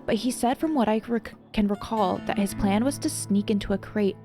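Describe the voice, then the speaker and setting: A woman's voice: medium pitch, moderate pace, warm tone, faint music behind, natural voice. A woman voicing a shrewd, cheerful tiefling tavern keeper who talks in a gossipy, chatty way.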